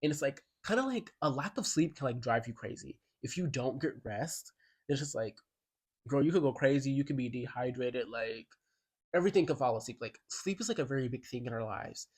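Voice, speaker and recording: A man's voice: mid-range voice, lively intonation, a little fast, husky. Chatty man reviewing an album. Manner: chatty and enthusiastic, heavy use of "like". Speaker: music commentary YouTuber. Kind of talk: casual album review commentary.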